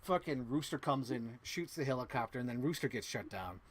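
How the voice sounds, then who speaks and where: A man hosting a podcast, excitedly retelling a movie plot to his co-host, swearing often and humming sound effects. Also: mid-range voice, fairly quick. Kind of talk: animated movie recap to a co-host.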